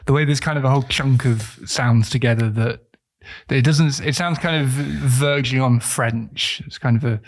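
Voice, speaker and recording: A man co-hosting a casual podcast, musing his way through guesses with plenty of fillers. His voice sits at an ordinary middle pitch. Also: moderate pace. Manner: thoughtful, muses aloud with many fillers. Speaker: podcast co-host.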